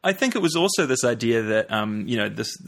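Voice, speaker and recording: A man co-hosting a podcast, chatting casually about a film, animated and quick to laugh. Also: medium pitch, vocal fry. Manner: animated, laughs often, does mock voices. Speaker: podcast co-host.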